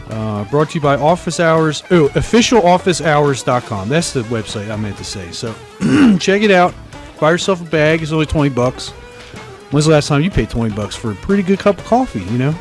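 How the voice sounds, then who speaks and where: Man, Delaware accent, comedy podcast host, rambling, self-mocking, slightly high voice, faint music behind. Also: very animated, brisk. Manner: rambling, self-mocking, calls himself by name. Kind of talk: casual comic chat and interview.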